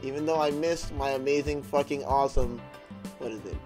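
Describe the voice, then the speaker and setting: A man's voice: medium pitch, steady tone, brisk. A man hosting a gaming channel who gives profane let's-play commentary and rants and swears whenever the game goes against him. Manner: swearing, frustrated ranting. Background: game music.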